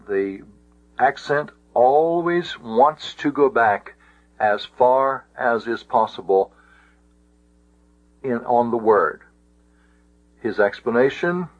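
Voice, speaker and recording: A man teaching a Greek grammar lesson, speaking deliberately with frequent restarts. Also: mid-range voice. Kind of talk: classroom lecture. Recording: dull lo-fi audio.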